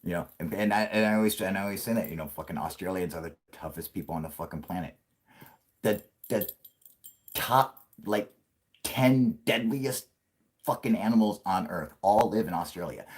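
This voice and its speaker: A man with a fairly low, breathy-edged voice hosts a casual late-night livestream. He rambles, swears, and laughs often.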